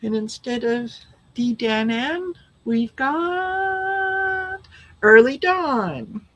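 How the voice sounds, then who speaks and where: Slow, higher-voiced woman hosting a live stream. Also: animated, fairly bright tone, low-quality recording. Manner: friendly, calls out viewer names. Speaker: tarot reading host. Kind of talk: live-stream chat with viewers.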